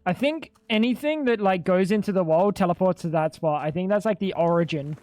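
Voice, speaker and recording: A man's voice: high voice, a little fast, darkish tone, no room sound. A young man livestreaming a game, bantering with his chat in a joking, profane way. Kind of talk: casual gaming livestream chat.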